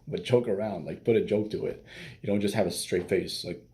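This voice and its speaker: A man with a very low, gravelly voice and a dark tone gives dating advice in a casual monologue. He talks bluntly and swears freely. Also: fairly quick. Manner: blunt and profane, with many fillers. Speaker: dating coach.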